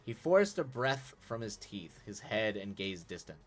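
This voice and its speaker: Deep-voiced man reading a story aloud. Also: lively intonation, moderate pace, hardly any pauses. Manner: casual, laughs and corrects his own slips. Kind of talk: live-streamed reading with casual asides. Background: faint music.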